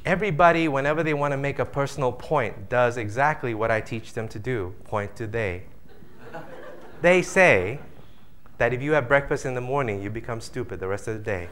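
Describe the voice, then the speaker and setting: Male motivational speaker, live seminar, bright tense voice, playful crowd-work delivery. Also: mid-range voice, moderate pace, a little hiss or hum. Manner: animated, jokey, acts out audience voices.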